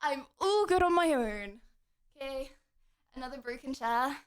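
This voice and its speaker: A young adult woman streamer chatting with her viewers in her home kitchen, excitable and joking, out of breath from standing and kicking. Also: high voice, measured pace. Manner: bubbly, excitable, joking with chat. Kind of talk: casual live-stream chat. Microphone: streaming mic, wearing headphones.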